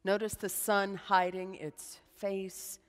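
A woman preaching a sermon as a slow, dramatic guided meditation, dropping to a hush at times. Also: medium pitch, little pitch movement, long reverb tail. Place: church.

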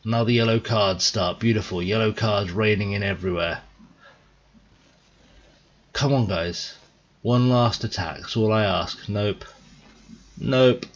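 A tired young man thinking out loud in a rambling, casual commentary as he plays a game. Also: fairly low pitch, measured pace, long pauses, lo-fi sound. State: tired, yawning. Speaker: gaming video host. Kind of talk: casual let's-play commentary.

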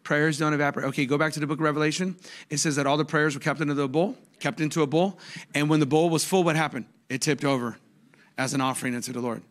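A man in his forties preaching a sermon as a pastor, telling jokey stories with sudden high-pitched outbursts. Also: fairly even intonation, fast talker.

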